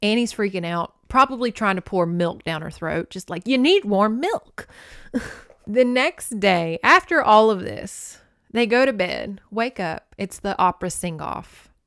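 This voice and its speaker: A woman podcast host giving a campy, animated comedic recap of a novel and slipping into character voices. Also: medium pitch, normal speed, no echo, studio quality.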